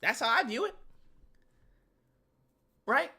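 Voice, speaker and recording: Slangy, animated male commentator. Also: very high voice, takes it slowly, creaky, breathy edge. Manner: slangy, laughing, rhetorical questions. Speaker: YouTube commentator. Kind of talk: casual comedic commentary.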